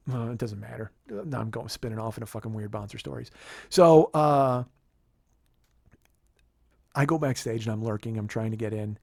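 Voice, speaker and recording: A podcast host telling a comedic story in an animated, profane, rambling way. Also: male voice, medium pitch, normal speed, gravelly, pauses often, no echo, clean studio sound.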